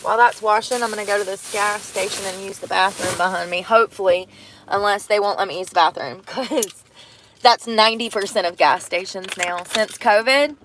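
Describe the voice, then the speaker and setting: A woman's voice: mid-range voice, fairly quick, noisy background. A woman chatting casually to her viewers as she runs errands, vlogging outdoors and at a laundromat. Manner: chatty, talks to viewers, self-narrating errands. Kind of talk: casual vlog chat.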